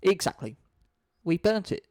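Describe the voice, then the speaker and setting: A man's voice: high voice, sing-song, a little slow, a little mellow, dry recording. A man reading a screenplay aloud, voicing a dim-witted, simple male servant who talks earnestly. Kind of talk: screenplay read-through.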